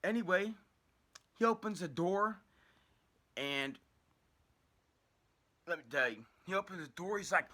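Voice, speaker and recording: A man's voice: high-pitched, a little slow, pauses often, bright, forceful tone, breathy edge. A young man telling a personal story in a casual, rambling way, swearing often and restarting his sentences. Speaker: storyteller vlogger.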